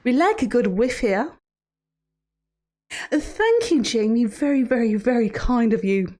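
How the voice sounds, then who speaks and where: A sugary, menacing villain therapist, as a woman streamer puts her on, purring threats at her audience between cheery greetings. The voice sits high and leaps up and down in sing-song swoops, words drawn out with mock sweetness. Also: animated, a little slow, a little mellow. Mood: playful teasing. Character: creepy, teasing female villain therapist hosting cruel trials. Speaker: streamer in character. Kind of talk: live-stream character role-play.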